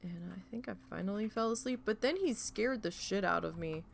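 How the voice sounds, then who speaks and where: A woman streamer chatting casually while gaming, rambling and swearing freely as she tells an animated story. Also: medium pitch, fairly quick, vocal fry, a little hiss or hum.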